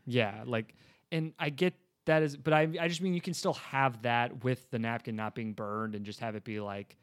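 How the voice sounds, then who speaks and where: Male podcast host, mid-pitched, loose and rambling delivery, dry booth sound. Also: moderate pace, no echo. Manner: relaxed, rambling, laughs often. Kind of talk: casual movie review chat.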